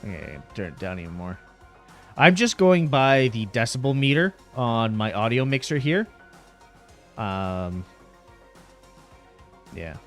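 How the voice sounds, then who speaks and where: A man's voice: medium pitch, very animated, slow pace, pauses often, a bit bright, faint music behind. A man streaming a game, recapping and chatting casually into a headset mic, rambling and laughing often. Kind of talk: casual gameplay commentary.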